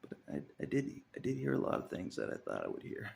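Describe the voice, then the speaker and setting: Deep gravelly man rambling with chuckles. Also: wildly swooping pitch, fast talker, darkish tone, a little hiss or hum. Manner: rambling, chuckles often, trails off into muttering. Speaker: vlogger. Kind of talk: casual monologue to camera.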